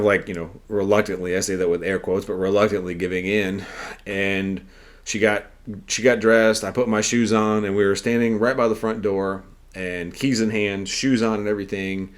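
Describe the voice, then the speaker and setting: A podcast host tells a story in a casual monologue, earnest, rambling and conversational. His voice is fairly low with little pitch movement, at a normal speed.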